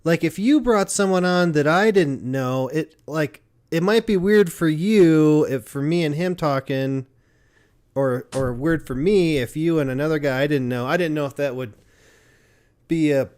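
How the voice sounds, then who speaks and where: A man's voice: fairly high pitch, a little slow, a little mellow. A man co-hosting a casual podcast, talking in a laid-back, hesitant way and filling his sentences with "like.". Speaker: podcast co-host. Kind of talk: casual chat.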